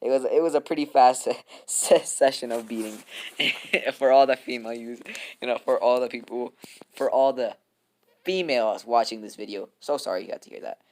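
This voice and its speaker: A man's voice: medium pitch, normal speed, darkish tone. A young man casually telling a fan story to his viewers, rambling, laughing often and swearing.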